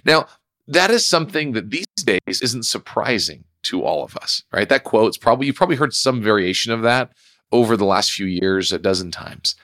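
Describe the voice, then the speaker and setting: A man hosts his own podcast, telling a personal story in a solo monologue that's reflective and conversational. His voice is lowish and fairly bright, with lively intonation at a moderate pace. The recording is clean studio sound with no room sound.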